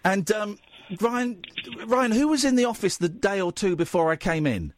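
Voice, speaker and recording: Lively, excitable radio host. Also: male voice, sits high, moderate pace, dry recording. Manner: playful, excitable, jokey. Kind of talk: late-night radio chat. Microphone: studio microphone.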